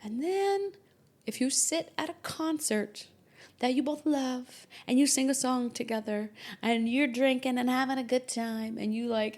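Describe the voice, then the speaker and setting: Lively woman astrologer hosting a podcast. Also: sits high, unhurried. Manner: animated, jokey, acts out imagined quotes in varied voices. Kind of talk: casual explanatory podcast talk.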